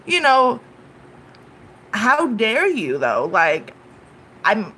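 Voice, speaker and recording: A young woman giving unscripted live commentary on a YouTube dispute, upset and halting, with many restarts and "you know" fillers. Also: a little high, wildly swooping pitch, sharp tone, a little hiss or hum.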